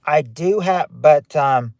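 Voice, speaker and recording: A man's voice: on the high side, slow, gravelly, darkish tone, no room sound. A man from Kentucky with a Southern accent, hosting a casual livestream outdoors and reading viewer chat aloud with lots of restarts. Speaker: livestream host.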